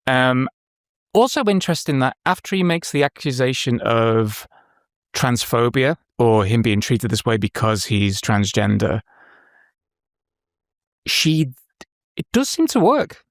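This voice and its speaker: A man's voice: mid-range voice, big pitch swings, measured pace, pauses often, dry recording, studio quality. A man co-hosting a reaction show, casually thinking aloud with small hesitations. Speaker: co-host. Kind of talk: casual chat.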